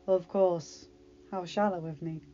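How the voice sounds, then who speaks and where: A woman's voice: fairly low pitch, steady tone, unhurried, dark tone, slight background noise, close to an everyday voice. A woman voicing a wry, teasing palace captain who gives a prince fatherly advice. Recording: dull lo-fi recording, faint music.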